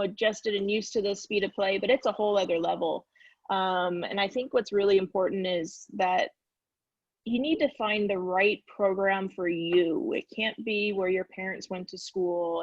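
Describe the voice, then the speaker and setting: Woman telling lively stories over a dull line. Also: mid-range voice, no room sound. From California, USA. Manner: lively storyteller who acts out quoted dialogue. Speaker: guest, former soccer player. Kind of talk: casual storytelling in a video-call Q&A. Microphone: video call.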